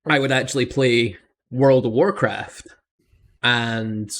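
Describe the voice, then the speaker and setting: A man's voice: mid-range voice, slow pace, fairly bright tone. A young man hosting a casual podcast chat, rambling enthusiastically with lots of "I mean" asides. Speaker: host and dungeon master.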